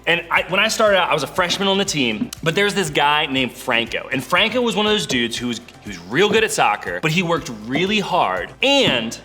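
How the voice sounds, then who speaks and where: Bright-sounding young guy, playful rambly youth talk, faint music behind. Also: a little high, sing-song, fairly quick, few pauses. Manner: playful, chatty, full of "like" fillers. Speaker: church youth speaker. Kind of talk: casual video talk to youth.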